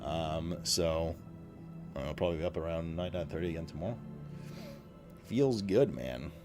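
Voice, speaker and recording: A man's voice: sits low, normal speed. A man streaming and chatting casually, rambling and swearing freely as he reads and answers his chat, with faint music behind him. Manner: rambling, profane, reading chat aloud.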